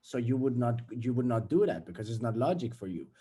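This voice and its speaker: A man's voice: medium pitch, expressive, fairly quick, dark tone, slightly rough. A young man giving a casual, blunt motivational talk, swearing freely and acting out everyday scenes. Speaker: self-development vlogger.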